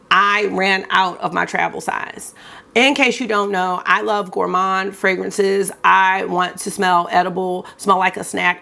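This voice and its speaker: Lady in her 30s gushing over her haul to the camera, bit of vocal fry. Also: mid-range voice, a bit bright. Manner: chatty and gushing, talks straight to viewers. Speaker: beauty vlogger. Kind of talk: casual haul chat to camera.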